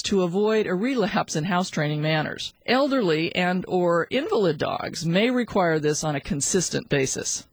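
A woman's voice: on the low side, no echo, poor audio. A woman presenting a scripted segment of pet-care tips in an upbeat, chatty and playful manner. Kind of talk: scripted radio tip segment.

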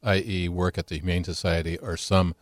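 A man's voice: sits low, flat delivery, a little fast, no echo, clean studio sound. A man on a radio talk show giving opinionated, hesitant commentary.

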